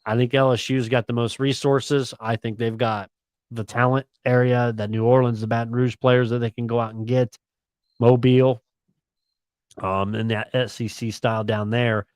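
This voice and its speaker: A man's voice: mid-range voice, level tone, moderate pace, a little mellow, clear, resonant tone, no room sound. A man co-hosting a sports radio talk show, chatting casually and slangily about college football and picks. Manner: laid-back, chatty, slangy.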